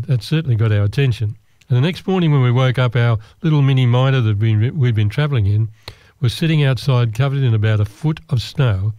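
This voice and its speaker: Casting note: male raconteur, middle pitch, mellow and relaxed, self-deprecating humour. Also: fairly quick, no echo. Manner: self-deprecating, wry, rambling with restarts. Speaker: storyteller. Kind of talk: personal anecdote told to listeners.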